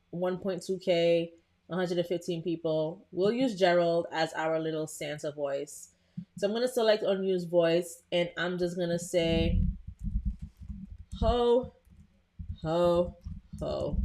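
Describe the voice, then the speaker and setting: A young adult woman hosting a live tutorial in a casual, chatty way, talking to viewers and filling pauses with um. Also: lowish voice, fairly even intonation, a little mellow. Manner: chatty, talks to live viewers, frequent "um" and restarts.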